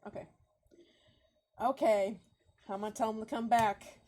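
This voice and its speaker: A woman's voice: fairly high pitch, fairly even intonation, measured pace, a little mellow. A woman game master casually narrating a tabletop role-playing game on a stream, with lots of fillers. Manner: casual, full of fillers, encouraging.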